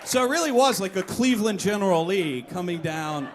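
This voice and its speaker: A young man performing a live one-man comedy story on a club stage, animated, breaking into shouts and high-pitched voices for quoted people, with the audience laughing. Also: brisk, a faint crowd, slight background noise. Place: live music venue stage.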